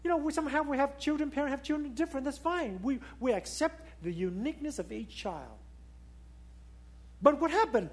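A man preaching a sermon in non-native English, emphatic and full of rhetorical questions, rising to loud high peaks and dropping to quiet low asides. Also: animated, brisk. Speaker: pastor.

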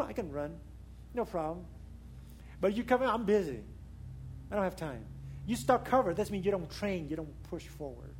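A man preaching a sermon in non-native English, emphatic and full of rhetorical questions, rising to loud high peaks and dropping to quiet low asides. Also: husky. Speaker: pastor.

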